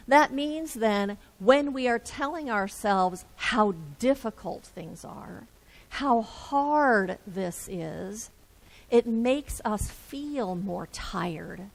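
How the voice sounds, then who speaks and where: A woman minister giving a reflective sermon with gentle, repetitive phrasing. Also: on the high side, animated, drawn-out words, creaky, low-quality recording.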